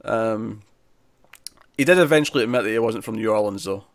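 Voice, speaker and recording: A Scottish man co-hosting a casual movie news podcast, lively and joking. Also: lowish voice, fairly quick, no echo, clean studio sound. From Scotland. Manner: animated, does joking put-on voices. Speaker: podcast co-host.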